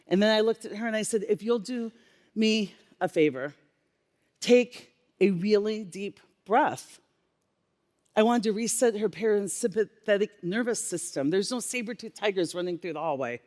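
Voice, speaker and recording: A woman giving a keynote on stage, telling a workplace story with lively acted-out dialogue. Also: mid-range voice. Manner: animated storyteller acting out dialogue. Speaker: keynote speaker, former healthcare leader. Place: conference stage. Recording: long reverb of a conference hall.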